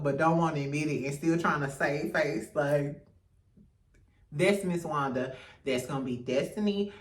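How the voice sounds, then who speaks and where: A woman's voice: lowish voice, recorded from a distance. Sassy woman gossiping in a roomy echo. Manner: sassy, profane, laughs often, animated. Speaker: host. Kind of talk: casual reality TV gossip commentary.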